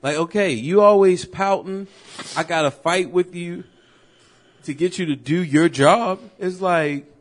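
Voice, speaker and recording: A man co-hosting a podcast, telling stories in loose, animated casual chat full of slang and swearing. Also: high-pitched, unhurried. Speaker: podcast co-host.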